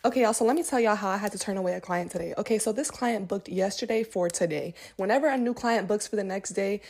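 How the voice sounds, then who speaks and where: A woman's voice: mid-range voice, fast talker, a little mellow. A woman nail technician in a casual storytime vlog, talking to viewers in a chatty, joking way.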